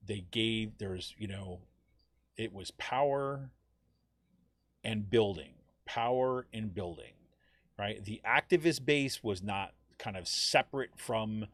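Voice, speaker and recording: A man with a lowish, slightly bright voice hosts a live political podcast, talking casually and off the cuff. He rambles and loops back on himself, sprinkling in "you know" and "right?" constantly. The recording is dry and close, with no room sound around it.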